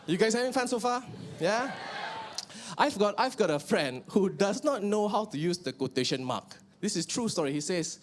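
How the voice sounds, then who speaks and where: A young Malaysian man with a Malaysian accent performing an animated stand-up comedy set on stage, shouting out punchlines. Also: high voice, normal speed, a little hiss or hum. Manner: animated, switches into mimicked relatives and bursts of shouting. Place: live comedy venue with audience.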